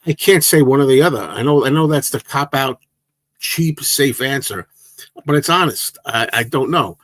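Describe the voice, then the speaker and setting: A man in his sixties chats casually on a livestream, wandering through his answers with plenty of ums and false starts. His voice sits at an ordinary middle pitch. The sound is close and dry, with no room echo. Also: expressive, normal speed. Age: 60s. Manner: rambling, hesitant, many fillers and restarts. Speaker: livestream host.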